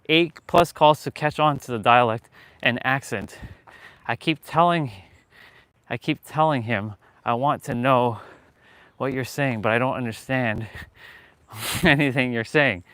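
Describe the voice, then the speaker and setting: A man with a Western Canadian accent talks loosely on a live stream, rambling, laughing and dropping the odd curse. His voice is bright and smooth, and the sound is dry and close with no room around it. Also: mid-range voice, no room sound. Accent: Western Canadian English. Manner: loose, chatty, laughs often and swears casually. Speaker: fitness live-stream host. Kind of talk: casual live-stream chat. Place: lives in Canada.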